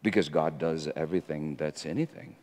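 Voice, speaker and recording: A male preacher giving a sermon, moving from quiet reflection into fervent, rising exhortation, in an echoey hall. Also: rumbling low, brisk.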